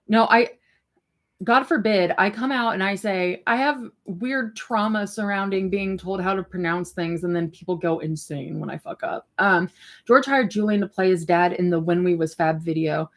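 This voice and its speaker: A woman hosting a casual livestream and chatting loosely as she reacts to viewer comments, rambling with lots of fillers and the odd swear. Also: on the low side. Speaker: livestream host.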